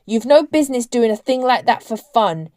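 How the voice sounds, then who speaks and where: A woman's voice: a little high, normal speed, mellow, no echo, studio quality, close to an everyday voice. A woman voicing an angry, stubborn teenage girl who speaks in a hard, hacking gabble.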